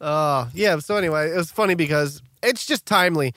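A man's voice: fairly high pitch, a little fast, pushed and bright, a little hiss or hum. A man co-hosting a podcast, chatting casually and joking with profanity. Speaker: podcast co-host. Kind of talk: casual chat.

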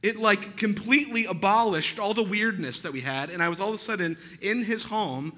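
A male pastor preaching in a relaxed storytelling way. His voice sits high and sounds bright. He is chatty and pokes fun at himself, and he keeps checking in with his listeners. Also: fairly quick. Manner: chatty, self-deprecating, frequent "right?" asides. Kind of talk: sermon storytelling.

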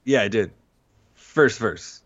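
A relaxed man talks through a song with a friend, easygoing and full of little fillers. His voice sits a bit low, and the recording sounds dull and muffled. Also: takes it slowly. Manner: laid-back, chatty, reads song lyrics aloud with a laugh. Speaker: co-host discussing songs. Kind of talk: casual chat.

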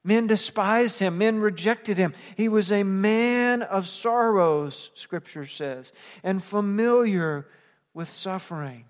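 A man's voice: high-pitched, slow pace, in a large hall. A man preaching a sermon as pastor, earnest, with casual acted-out asides. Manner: earnest preaching, acts out plain-spoken asides.

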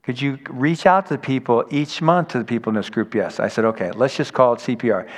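A man's voice: medium pitch, fast. A man preaching a sermon in a conversational, storytelling way, acting out quoted people as he goes. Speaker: pastor. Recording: long hall reverb.

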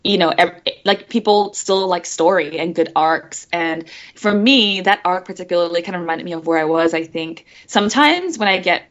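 A woman who voices animated characters, chatting in a guest interview in a bubbly, giggly way and acting out the voices she quotes. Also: lowish voice, moderate pace, highs cut off. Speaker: guest voice actress. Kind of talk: casual interview chat.

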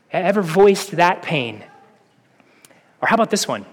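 A man's voice: high-pitched, very animated, normal speed. A man preaching a sermon as a pastor, earnest and full of rhetorical questions, often restarting his words. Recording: long hall reverb.

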